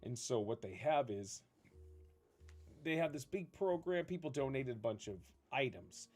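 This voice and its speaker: A man's voice: mid-range voice, expressive, a little slow, a little mellow, slightly rough, faint music behind. A man streaming a game, chatting casually with his viewers, enthusiastic and rambling, reading their questions aloud. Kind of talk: casual chat with live viewers while gaming.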